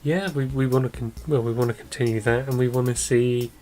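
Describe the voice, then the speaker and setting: A man's voice: medium pitch, steady tone, brisk, a little mellow, soft background music. A man co-hosting a casual podcast, playful and mock-dramatic. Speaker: podcast co-host.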